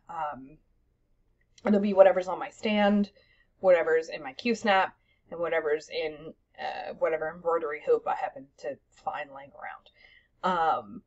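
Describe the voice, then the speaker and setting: A woman's voice: on the low side, lo-fi sound. A young woman chatting casually about her cross-stitch projects at home, rambling with lots of ums and self-deprecating asides. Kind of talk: casual show-and-tell chat.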